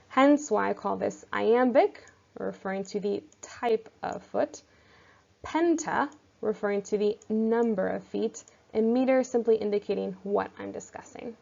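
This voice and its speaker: A woman teacher giving a recorded lecture, explaining step by step in a clear, methodical way. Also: mid-range voice, a little slow, a little mellow. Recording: slightly dull lo-fi audio.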